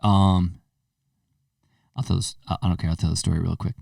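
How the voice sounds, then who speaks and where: A man's voice: deep voice, normal speed, creaky, no room sound, studio quality, distant mic. A man in his thirties hosting a podcast, telling a story casually and acting out the voices in it. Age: 30s. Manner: animated storyteller, acts out quotes. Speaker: podcast host.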